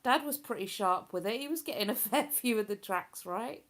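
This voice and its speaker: A woman's voice: fairly high pitch, expressive, normal speed, a bit bright. A woman chatting casually on a live stream, rambling and laughing as she reads out messages from her viewers. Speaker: live streamer reading chat.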